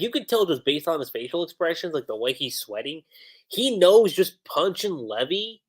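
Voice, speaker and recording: A man chats through an anime episode on a livestream. His pitch swings widely as he talks. He keeps quoting the characters mid-recap. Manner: animated, retells scenes quoting characters. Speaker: anime reviewer.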